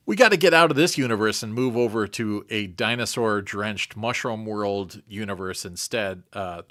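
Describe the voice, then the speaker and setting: A man's voice: medium pitch, a bit bright, no room sound, clean studio sound. A man co-hosting a podcast, chatting eagerly about film trivia and soundtracks. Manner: enthusiastic, trivia-heavy film talk. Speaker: podcast co-host. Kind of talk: casual chat.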